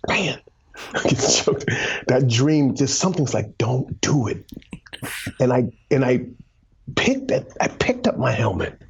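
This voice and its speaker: A man's voice: medium pitch, creaky, a little mellow, a little hiss or hum. A man telling a motivational story as a guest, emphatic, repeating words and dropping to a near whisper for emphasis. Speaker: guest, former pro football player and author. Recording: dull lo-fi sound.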